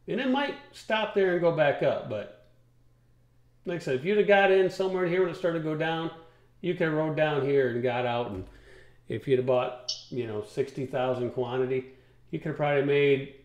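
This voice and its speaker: Folksy trucking talk-show man, higher voice. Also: animated, moderate pace, long pauses, roomy sound. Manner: rambling, folksy, explains charts step by step. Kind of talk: casual radio talk show chat.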